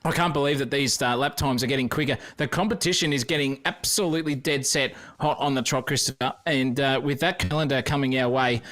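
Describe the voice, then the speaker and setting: A man's voice: medium pitch, fairly quick, hardly any pauses, a bit bright, no room sound. An Australian man doing colour commentary for a race with boisterous, slang-filled banter.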